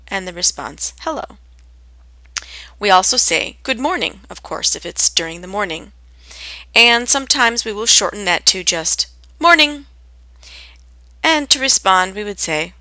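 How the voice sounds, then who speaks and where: An English teacher delivers a scripted lesson on everyday spoken greetings in a bright, slightly sharp, medium-pitched voice. She speaks clearly and deliberately, raising her voice to act out each example phrase. The recording is dry and close, with no echo.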